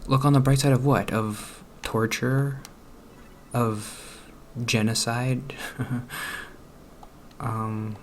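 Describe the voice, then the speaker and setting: A man hosting a let's play, musing aloud in a rambling, self-deprecating way with soft laughs. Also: mid-range voice, fairly even intonation, extremely slow, pauses often, slight background noise. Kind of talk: casual commentary while gaming.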